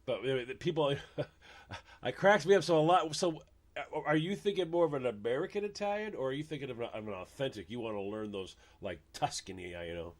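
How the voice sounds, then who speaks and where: A man's voice: mid-range voice, a little fast. A man hosting a radio talk show in casual banter, joking, laughing at his own puns and stumbling over restarts.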